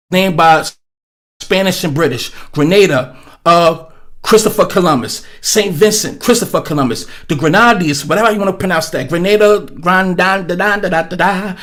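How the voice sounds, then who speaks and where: Male stream host, high voice, profane rambling rant, webcam mic. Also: fairly bright tone. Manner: blunt, profane, rambling with many fillers. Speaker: livestream host. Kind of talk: profane ranting commentary. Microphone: webcam setup.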